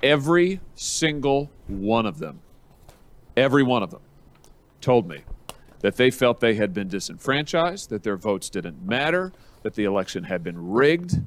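A man speaking at a hearing, making a forceful speech built on repeated phrases. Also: medium pitch, big pitch swings, a little slow. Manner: forceful, repetitive rhetorical emphasis. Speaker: politician giving a speech.

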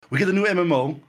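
A man preaching a sermon to a livestream audience, earnest and full of stammered repetitions. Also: sits high.

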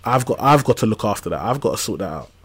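A man in his thirties, a podcast guest who tells lively stories in casual slang. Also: on the low side, fast talker, slightly rough. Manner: animated storytelling with casual slang. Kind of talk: casual conversational interview.

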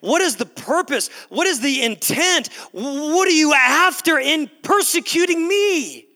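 A man's voice: very high-pitched, expressive, a little slow, bright, forceful tone, big-room sound, pitched above the performer's own voice, heavily acted. A man preaching a sermon voices Jesus asking earnest, probing questions. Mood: searching.

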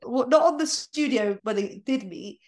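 A woman hosting a casual film review podcast, animated and blunt, often laughing. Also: fairly high pitch, moderate pace. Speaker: podcast host.

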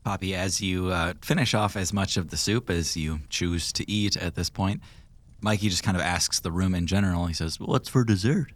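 Very deep-voiced game master. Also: male voice, normal speed. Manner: relaxed, descriptive narration. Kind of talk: narrating a tabletop game.

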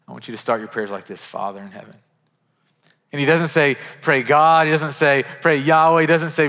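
Earnest pastor in a reverberant church. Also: male voice, medium pitch. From western Kentucky. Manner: earnest, conversational, frequent restarts, drops to hushed tones for quoted lines. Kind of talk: sermon. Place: church sanctuary. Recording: church sanctuary with long reverb.

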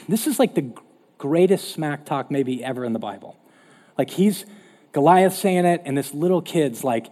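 A male pastor preaching a sermon in an animated, conversational way in a church hall. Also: a little high, moderate pace. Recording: long hall reverb.

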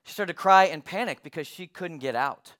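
A man in his thirties, a pastor, telling a lively personal story as the opening of a sermon, animated and emphatic. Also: a little high, a little fast.

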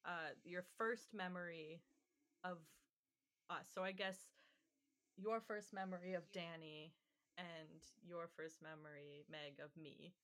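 A woman's voice: lowish voice, fairly even intonation, takes it slowly, fairly bright tone. A woman in her twenties with a Canadian accent, hosting a casual podcast chat and asking questions. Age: 20s. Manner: asks questions, chatty. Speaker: podcast host.

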